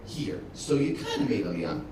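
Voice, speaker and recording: A man with an Israeli accent doing teasing, animated stand-up crowd work from a comedy club stage. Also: fairly low pitch, moderate pace, a little hiss or hum. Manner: teasing, animated, chatting with the audience. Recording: echoey club from far off with loud crowd. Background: loud audience laughter.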